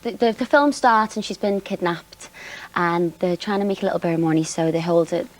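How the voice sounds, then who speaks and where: A woman's voice: lowish voice, brisk, low-quality recording. Young scouse woman on a tv sofa, chatty, keeps laughing and restarting. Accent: Liverpool (Scouse). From Liverpool, England. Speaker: actress guest. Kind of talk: TV chat show interview.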